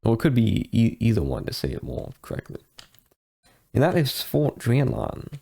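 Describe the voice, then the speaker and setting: Gravelly-voiced man rambling over gameplay. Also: mid-range voice, huge pitch swings, moderate pace, mellow. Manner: rambling, hesitant with fillers and restarts. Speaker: let's play host. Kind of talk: casual gameplay commentary.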